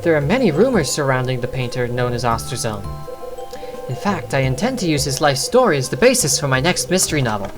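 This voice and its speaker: A woman's voice: a bass voice, sing-song, a little fast, music in the background, pitched below the performer's own voice. A woman reading the lines of a formal, long-winded older male novelist in a game, lecturing at length.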